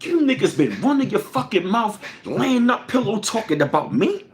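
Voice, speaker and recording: A man hosting a livestream, ranting angrily and profanely with lots of repetition, swinging between loud bursts and low mutters. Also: sing-song, normal speed, slight background noise. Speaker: livestream host.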